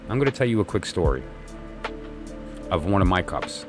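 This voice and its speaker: A man's voice: deep voice, expressive, moderate pace, over music. A middle-aged man, a tarot reader, telling a personal story in a reflective, meandering monologue with many restarts and fillers. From New York.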